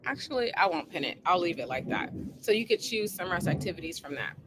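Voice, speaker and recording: A woman with a slightly low voice talks gently and encouragingly as she coaches a group online. She slows into a soothing cadence to guide a body scan meditation. A faint hum of room noise sits under her voice. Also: sing-song. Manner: gentle, encouraging, slow guiding cadence with soft laughs. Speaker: coach hosting a co-planning session. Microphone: live online session.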